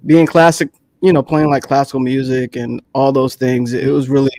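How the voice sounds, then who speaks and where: A man's voice: mid-range voice, flat delivery, normal speed, a little mellow, no room sound, rough recording. A male DJ hosting a casual interview, easygoing and affirming, often saying "man". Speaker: host, DJ.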